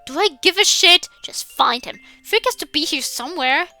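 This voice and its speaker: A woman's voice: high-pitched, measured pace, sharp tone, soft background music. A woman voicing a crude, sneering schoolboy bully leader in a visual novel. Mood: mean.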